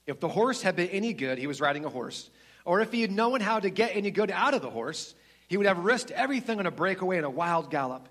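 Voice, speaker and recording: A man's voice: fairly high pitch, expressive, fairly quick, a bit bright. Guy preaching a sermon, chatty, talks right to the people in the pews. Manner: conversational, talks straight to the congregation. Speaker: pastor. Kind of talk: sermon with read-aloud story.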